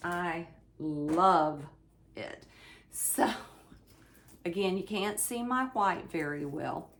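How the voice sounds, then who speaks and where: A woman with a lowish voice talks slowly and informally to her viewers, showing off her latest projects. She meanders through her thoughts with frequent ums and small restarts, calling her audience "you all" like old friends. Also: a bit bright, slight background noise. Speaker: cross-stitch channel host. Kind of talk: casual show-and-tell chat. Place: indoors at home, fan running.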